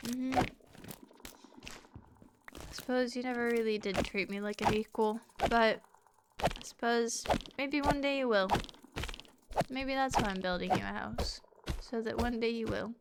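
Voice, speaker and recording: A woman with a high voice chats to her viewers while she plays, teasing them and swearing freely. Her talk is casual and loose. A steady noise sits under her voice in the recording. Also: a little slow, pauses often. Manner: swearing, teasing and chatty, talking to chat and a pet. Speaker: streamer. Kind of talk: casual live-stream chat while gaming.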